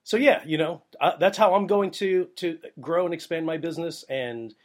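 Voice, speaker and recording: Animated rambling man podcasting. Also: fairly high pitch, moderate pace. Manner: animated, rambling, with lively impressions of others. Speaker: podcast host, photographer. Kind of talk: casual podcast monologue.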